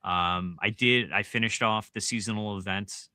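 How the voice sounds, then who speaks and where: A man's voice: fairly low pitch, moderate pace, no echo. A man co-hosting a podcast, chatting loosely about a video game with many ums. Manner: relaxed, chatty, lots of ums. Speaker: podcast co-host. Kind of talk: casual gaming chat.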